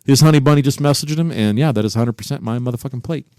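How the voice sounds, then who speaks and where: A man co-hosting a casual podcast from a home recording room, cursing freely and breaking into loud disbelief. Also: medium pitch, very fast, clean tone, no room sound, studio quality. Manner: profane, incredulous, loud bursts of disbelief. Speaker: podcast co-host. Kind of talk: casual banter.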